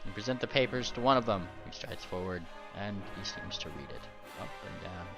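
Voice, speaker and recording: A man narrating a tabletop game as game master, in a casual, halting way. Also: sits low, expressive, creaky, over music.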